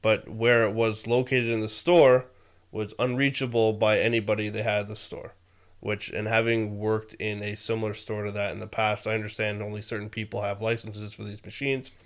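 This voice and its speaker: A man's voice: lowish voice, little pitch movement, moderate pace, smooth. A young man co-hosting a podcast, chatting in an easygoing way and laughing along. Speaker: podcast co-host. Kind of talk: casual podcast chat.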